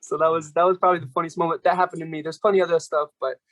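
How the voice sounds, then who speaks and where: A young man, a podcast guest, telling stories in a fast, animated way and ending his sentences with "right?". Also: a little high. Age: young adult. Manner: rapid, animated, keeps tagging "right?" and "bro". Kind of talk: casual storytelling interview.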